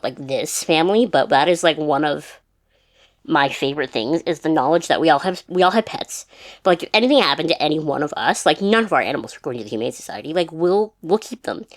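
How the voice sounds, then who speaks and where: A woman's voice: low-pitched, no room sound, clean studio sound. A young woman chatting casually in a rambling vlog, full of restarts and fillers. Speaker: vlogger. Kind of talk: casual chat. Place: her mom's house.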